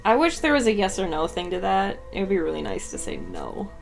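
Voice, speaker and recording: A woman's voice: medium pitch, wildly swooping pitch, brisk, gravelly. A young woman chatting playfully and laughing often while watching a video game playthrough. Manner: giggly, playful, teasing. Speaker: let's play co-host. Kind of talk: casual gameplay commentary. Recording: game music faintly behind.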